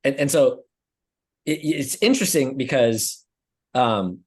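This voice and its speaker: A young man co-hosting a podcast tells a story in casual chat, rambling along with plenty of fillers and swearing. His voice is medium-pitched with a breathy edge, and he takes things slowly.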